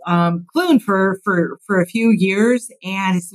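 A woman's voice: medium pitch, measured pace, low-quality recording. A woman in her fifties from Chicago, a construction executive telling stories in an interview, earnest and reflective, laughing at herself. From Chicago, USA. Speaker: construction executive, podcast guest. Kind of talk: casual interview storytelling.

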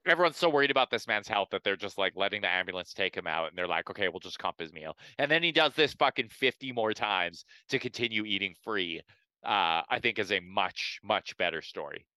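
A man's voice: lowish voice, expressive, fairly quick, bright, forceful tone, smooth, no room sound. A man co-hosting a casual comedy podcast, swearing freely and riffing through stories with amused, rambling energy. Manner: profane, rambling, amused storytelling. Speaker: podcast co-host.

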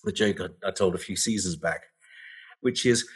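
A man hosting a podcast, jokey and quick to laugh. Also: low-pitched, slightly rough. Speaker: podcast host. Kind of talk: casual podcast chat.

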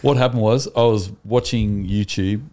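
Deep-voiced man, enthusiastic. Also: moderate pace. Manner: enthusiastic, animated storytelling. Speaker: podcast co-host. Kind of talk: casual chat.

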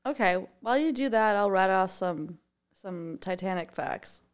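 A woman's voice: medium pitch, expressive, normal speed, clean tone. A woman co-hosting a podcast, chatting casually in a bubbly, jokey way and laughing often. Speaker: podcast co-host. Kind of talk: casual chat.

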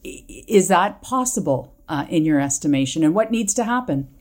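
A woman interviewing a guest, posing careful, measured questions. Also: fairly low pitch, lively intonation, a little mellow.

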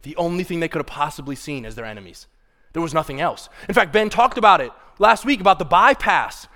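A man's voice: fairly high pitch, lively intonation, fast talker, sharp tone. A man preaching a sermon as pastor, passionate and conversational, with casual asides to the congregation. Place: church sanctuary. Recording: long reverb of a large hall.

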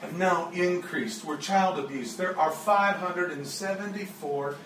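Guest-preaching a storytelling sermon, a man from around Joplin, Missouri speaks in a high, somewhat bright voice at a measured pace. His earnest, emotional stories give way to laughter, and the distant mic picks up an echoey room and slight background noise.

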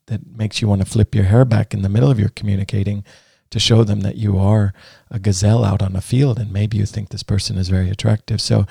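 A man's voice: fairly low pitch, vocal fry, warm tone, husky, no echo, studio quality. A man hosting a conversational interview, asking long, rambling questions with many restarts. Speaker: podcast host.

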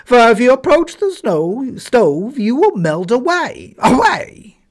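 Give me a hoarse barking yard dog, as a man puts him on, high-pitched and loud. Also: sing-song, takes it slowly, exaggerated voice. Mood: warning.

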